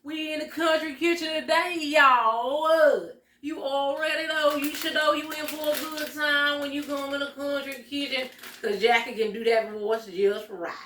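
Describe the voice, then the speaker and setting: A woman's voice: sits high, steady tone, fairly bright tone, roomy sound, a little hiss or hum, pitched above the performer's own voice. A woman doing a showy host voice. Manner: drawn-out, showy announcer delivery. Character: hammy show-host persona of herself, woman.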